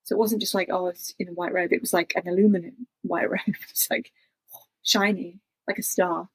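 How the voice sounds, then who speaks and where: Husky-voiced woman telling her story. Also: lowish voice, fairly even intonation, normal speed, no room sound, low-quality recording. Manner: chatty, acts out her own past thoughts in quotes. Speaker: interview guest. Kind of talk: personal storytelling.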